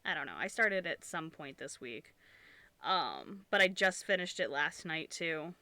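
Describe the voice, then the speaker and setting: A woman's voice: deep voice, lively intonation, a little slow, pushed and bright, no echo. A young woman streamer, congested and sniffling, chatting casually and rambling while she crochets, swearing freely and restarting her sentences.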